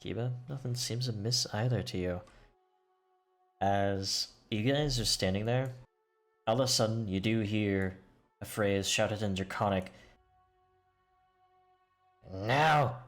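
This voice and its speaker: Brief: relaxed male game master, lowish voice, casual descriptive narration. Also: a little slow, soft background music.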